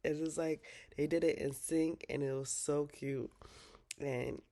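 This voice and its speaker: Low, mellow-voiced woman recapping TV. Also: steady tone, measured pace. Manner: slangy, candid, swears freely. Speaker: TV recap vlogger. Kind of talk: casual TV show recap.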